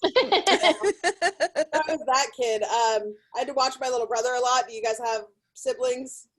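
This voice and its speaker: Brief: young female comic, high pitch, brash and profane, self-deprecating. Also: a little slow, poor audio. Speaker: stand-up comedian. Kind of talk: stand-up comedy set.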